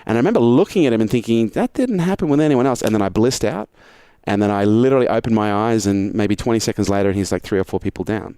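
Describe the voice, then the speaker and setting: A man from Australia, a guest on an interview podcast, telling a story fast and animated, swearing freely. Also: fairly low pitch, clean tone, no room sound, studio quality.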